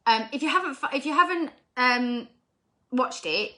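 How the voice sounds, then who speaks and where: A woman talks to her sales team with emphatic, upbeat energy, often looping back to her points and asking "okay?" Her voice is bright and sits a little high. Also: animated, moderate pace. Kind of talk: motivational team talk.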